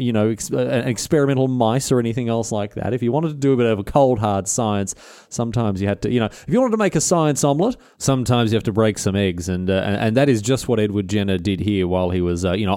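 A man's voice: medium pitch, mellow, no room sound, clean studio sound. A man, hosting a podcast and telling history in a slangy, jokey, rambling way. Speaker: podcast host. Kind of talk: casual history storytelling.

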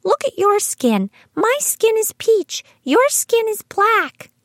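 A woman voicing her outspoken little daughter, very high and insistent. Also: sing-song, slow, no room sound, studio quality, exaggerated voice. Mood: defiant. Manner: loud, very high, earnest childish declarations. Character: blunt little girl, fearless and outspoken.

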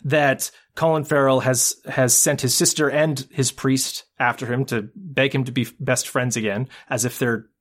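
A man's voice: mid-range voice, normal speed, few pauses. A married man co-hosting a podcast, discussing a film in casual chat, swearing freely and acting out scenes. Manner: animated, swearing, acts out film scenes in quotes. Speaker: podcast co-host.

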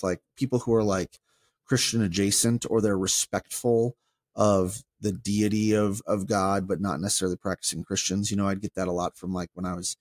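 A deep-voiced man who used to be a pastor talks through ideas on a casual podcast, rambling animatedly and restarting often. The recording has no echo.

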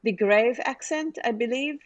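A woman improvising a deadpan female retail manager who fires staff with mock earnestness. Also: a little high, normal speed, dull audio, natural voice. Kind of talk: improvised comedy character.

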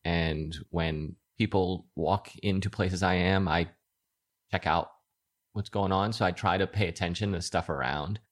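A man on a casual chat show, explaining things in a measured, halting way. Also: low-pitched, fairly even intonation.

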